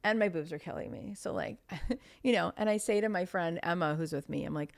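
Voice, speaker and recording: A woman in her thirties, a podcast guest telling stories in casual conversation, chatty and animated with lots of fillers. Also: lowish voice, fairly quick, vocal fry.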